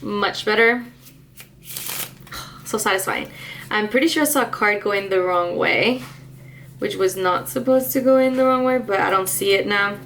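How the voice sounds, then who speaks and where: A woman's voice: mid-range voice, normal speed, vocal fry, long pauses, a bit bright, a little hiss or hum. Chatty woman vlogging about makeup. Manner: chatty, laughs often, fillers and asides. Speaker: beauty vlogger. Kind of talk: casual chat to camera.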